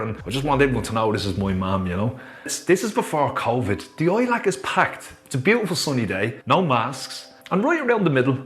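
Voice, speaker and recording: A man with a Dublin Irish accent telling a personal story to viewers in a chatty, animated vlog. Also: medium pitch. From Ireland. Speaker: author and motivational storyteller.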